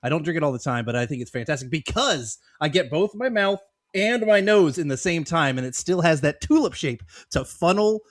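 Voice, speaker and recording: A man's voice: a little high, lively intonation, fairly quick, no room sound, clean studio sound. A man from Georgia chatting enthusiastically as a podcast guest, nerding out on the details. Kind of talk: casual chat.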